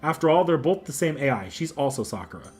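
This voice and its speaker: A man reading the lines of a determined young game protagonist in his own steady voice. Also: on the high side, fast, husky, faint music behind.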